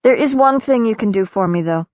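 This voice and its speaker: A woman narrator voicing a weary middle-aged mother, gentle and firm, on a dull lo-fi recording. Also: mid-range voice, lively intonation, fairly quick, dry recording, voice pushed up, lightly acted.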